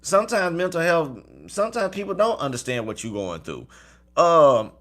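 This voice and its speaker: A tarot reader chats casually with his livestream viewers, frequently asking "okay?" and laughing at his own stumbles. His voice is on the high side and fairly bright, with lively intonation and a moderate pace.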